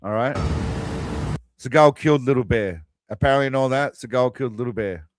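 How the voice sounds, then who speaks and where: A man's voice: medium pitch, fairly quick, very noisy. A man hosting a crude, mocking movie commentary, tossing out quiz-style asides. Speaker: host. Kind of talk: sarcastic movie riffing commentary.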